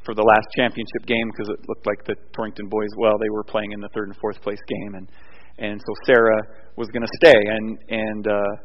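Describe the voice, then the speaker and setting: A man preaching a sermon, moving between loud emphatic points and quiet, rambling storytelling with frequent restarts. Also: lowish voice, monotone, a little fast. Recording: dull sound with long hall reverb.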